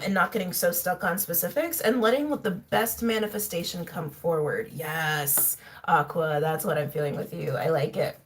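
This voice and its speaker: A woman reads tarot cards in a relaxed, rambling monologue, musing aloud with plenty of fillers and little laughs. Her voice sits at an ordinary middle pitch. A faint hiss and the odd click run behind her. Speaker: tarot reader. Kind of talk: casual tarot reading monologue. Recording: faint background noise and clicks.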